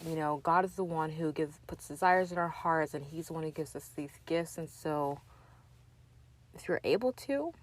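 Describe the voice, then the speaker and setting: A woman's voice: deep voice, moderate pace. A young woman hosting her own podcast, talking earnestly and encouragingly straight to the listener in a loose, chatty way. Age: young adult. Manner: loose and talky, with fillers and restarts. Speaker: podcast host. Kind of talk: casual solo podcast chat.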